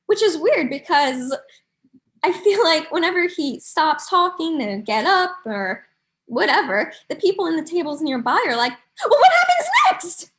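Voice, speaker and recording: High, lively woman doing stand-up. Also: a little hiss or hum. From New York. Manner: chatty, observational, quick asides. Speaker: stand-up comedian. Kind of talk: stand-up comedy set.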